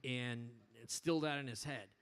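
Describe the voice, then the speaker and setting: A man addressing his motorcycle club in a bar, telling an animated, profane story in casual speech. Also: mid-range voice, normal speed, clean tone.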